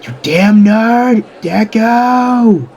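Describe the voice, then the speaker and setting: A man voicing a brash, angry teenage boy who snarls insults and yells. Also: fairly high pitch, normal speed, lo-fi sound, a faint crowd, voice pushed up, close to an everyday voice. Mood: furious.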